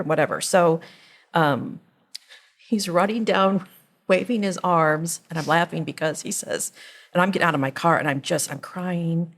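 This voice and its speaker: A middle-aged woman with a notably low, deep voice, telling a long story on a podcast. She rambles and animates the retelling, chatting casually with her co-host. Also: moderate pace.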